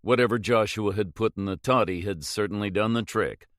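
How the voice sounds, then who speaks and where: A man reading a novel aloud in measured, even scripted narration. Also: fairly low pitch, dry recording, studio quality. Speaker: audiobook narrator.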